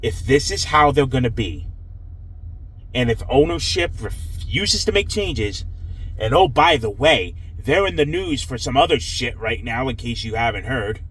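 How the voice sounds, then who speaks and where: A man's voice: mid-range voice, expressive, measured pace, a bit bright, a little hiss or hum, poor audio. A man ranting after a hockey loss, swearing and sounding frustrated and dejected. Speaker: hockey fan vlogger. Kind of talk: angry post-game rant.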